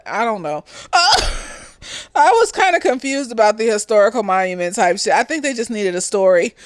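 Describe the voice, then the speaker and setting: A woman's voice: on the high side, expressive, brisk, no room sound. A young woman chatting casually through a TV review. She laughs often, swears, and acts out the characters in quoted voices. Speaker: reviewer of a TV show. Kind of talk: casual tipsy review chat.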